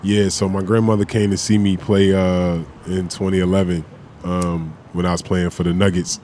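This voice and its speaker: A man's voice: deep voice, normal speed, a little hiss or hum. A man in his forties, a podcast guest, telling stories in a loose, slangy, profane way. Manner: animated storyteller, slangy, profane. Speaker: guest, former basketball player. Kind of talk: casual podcast chat.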